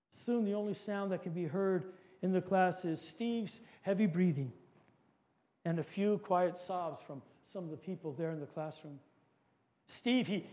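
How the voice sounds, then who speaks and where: Male preacher, very high voice, dramatic sermon storyteller. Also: a little mellow.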